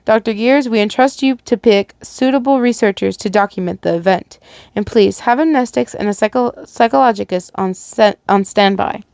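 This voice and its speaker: A woman's voice: mid-range voice, moderate pace, creaky, a little mellow, no room sound, close to an everyday voice. A woman voicing a formal, commanding facility director in a read-aloud story, recorded dry.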